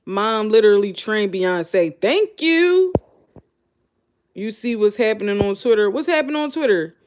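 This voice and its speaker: A woman hosting a show, giving blunt, animated, incredulous reaction commentary straight to her audience. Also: mid-range voice, moderate pace. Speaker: show host. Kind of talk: casual live reaction commentary.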